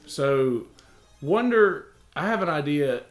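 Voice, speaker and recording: A man rambles and jokes through a casual livestream conversation. His voice sits at an ordinary pitch and carries a noticeable room echo. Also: normal speed, a bit bright, faint music behind. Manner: joking, rambling with fillers. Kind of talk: casual group chat on a livestream. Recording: roomy echo.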